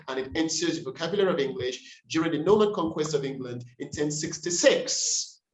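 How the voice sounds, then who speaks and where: A man leading a pronunciation workshop on a video call, saying each word slowly and repeating it to model the stress. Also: on the high side, roomy sound, rough recording. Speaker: workshop facilitator. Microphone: computer mic on a video call.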